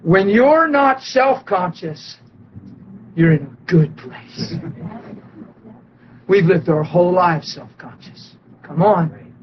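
A man preaching and telling a story, animated and excitable, acting out quotes and laughing often. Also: high-pitched, takes it slowly, long pauses, dull audio, a little hiss or hum. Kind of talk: sermon storytelling.

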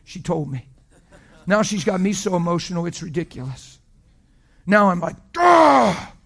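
A man preaching a sermon as pastor, passionate, swinging from hushed storytelling to loud exclamations. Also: high voice, normal speed.

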